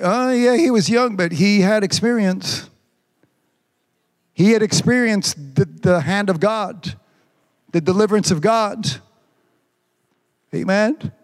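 A man preaching a sermon, reading scripture slowly and stretching the words, with frequent amens. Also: sits high, long reverb tail. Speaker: pastor.

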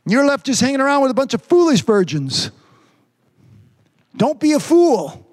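A man preaching a sermon with emphatic repetition, frequent hallelujahs and words drawn out slowly for emphasis. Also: very high voice, big pitch swings.

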